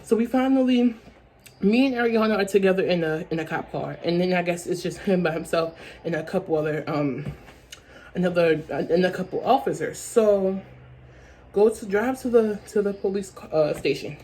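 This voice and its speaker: A woman's voice: on the low side, normal speed, a little mellow, slight background noise. Rambling young woman telling a story. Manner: rambling, repeats words, many fillers. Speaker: vlogger. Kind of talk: story time vlog.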